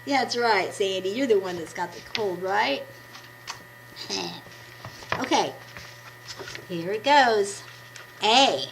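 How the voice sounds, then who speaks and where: A woman with a scratchy voice, hoarse from a cold, hosting a children's puppet show and encouraging the kids as a story is read. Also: medium pitch, takes it slowly, pauses often. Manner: warm, encouraging teacher talk to children. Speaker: puppet ministry host. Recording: steady background noise.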